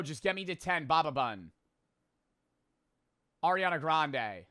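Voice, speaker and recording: A young man in his twenties giving excitable live commentary as he plays a game, muttering low and then shouting, swearing freely. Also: slow pace, pauses often. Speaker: gaming streamer. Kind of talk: live gaming commentary to chat.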